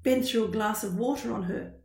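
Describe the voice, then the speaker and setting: A woman reading a children's picture book aloud in a slow, expressive storytelling style. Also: on the high side, vocal fry. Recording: roomy echo.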